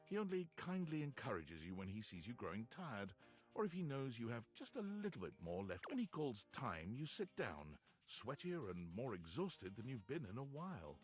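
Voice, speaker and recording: A man narrating a video game in calm, measured second-person storytelling. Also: medium pitch, soft background music, close to an everyday voice.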